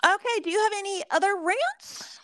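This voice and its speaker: A woman's voice: very high voice, animated, normal speed, a bit bright, no echo. A woman in her forties from Southern California, co-hosting a podcast and telling candid, profane stories in casual chat. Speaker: podcast co-host.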